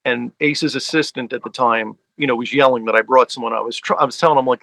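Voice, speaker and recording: Chatty and loaded with fillers, this tri-state-area man, a fan and collector appearing as a guest, spins stories in a laid-back sit-down conversation. His mid-range voice is fairly even and a bit bright, moving quickly with vocal fry and hardly any pauses; the poor recording has no room sound.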